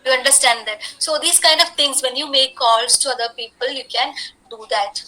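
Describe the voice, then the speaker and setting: A woman's voice: high voice, normal speed, sharp tone, low-quality recording. A woman, earnestly coaching listeners through an online workshop talk, repeating key points as she goes. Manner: earnest, repetitive, coaxing. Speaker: workshop resource person. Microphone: computer mic on a video call.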